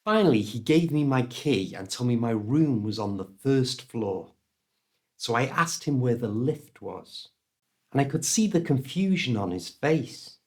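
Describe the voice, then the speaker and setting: A British man telling a story as an English lesson, slow and deliberate, his voice rising and falling a lot. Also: mid-range voice. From United Kingdom. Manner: slow, deliberate delivery with lively ups and downs. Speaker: English teacher.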